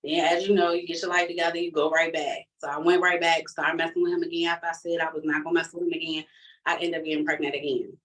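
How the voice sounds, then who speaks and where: Low-voiced woman telling her testimony. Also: level tone, quick pace, a bit bright, far from the mic, poor audio. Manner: emotional, candid and colloquial, full of fillers. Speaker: person giving a church testimony. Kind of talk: personal testimony storytelling.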